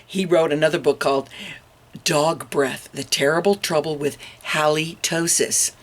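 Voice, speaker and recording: Storytime woman reader, slow and low-set, playful asides for kids. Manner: expressive, with asides to young listeners. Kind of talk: reading a picture book aloud.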